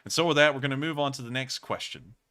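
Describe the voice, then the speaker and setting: A man's voice: mid-range voice, quick pace, sharp tone. A man hosting a live stream, answering viewer questions in a chatty, rambling way and often correcting himself. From United States. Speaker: host.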